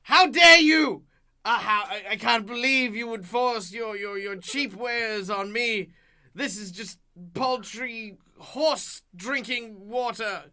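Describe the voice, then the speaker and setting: A man voicing a touchy male goblin adventurer who yells in shrill indignation. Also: slow, full character voice. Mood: indignant. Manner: shrill indignant yelling, then meek backpedaling.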